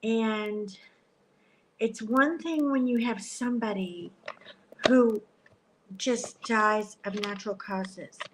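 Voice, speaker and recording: A middle-aged woman chatting casually on a livestream from a hotel room, animated, joking and gasping as she talks into a tablet. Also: fairly high pitch, a little hiss or hum, poor audio. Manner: chatty and animated, jokes and gasps. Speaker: livestream host. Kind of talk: casual live chat. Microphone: tablet camera.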